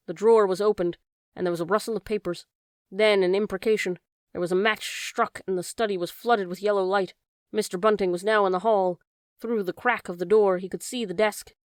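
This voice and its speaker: A woman's voice: mid-range voice, no echo. Woman reading an audiobook in a dry room. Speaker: audiobook narrator. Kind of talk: scripted narration.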